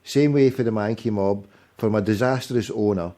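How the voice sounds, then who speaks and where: A man's voice: lowish voice, moderate pace, mellow. A man hosting a fan phone-in, blunt and bossy, cutting in on callers. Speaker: phone-in host.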